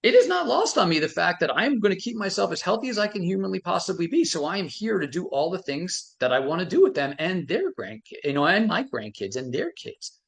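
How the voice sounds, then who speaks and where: A man's voice: high-pitched, big pitch swings, brisk, gravelly, hardly any pauses. A middle-aged man, a frequency medicine expert, telling stories animatedly with many restarts on a live stream. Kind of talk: motivational talk on a live stream.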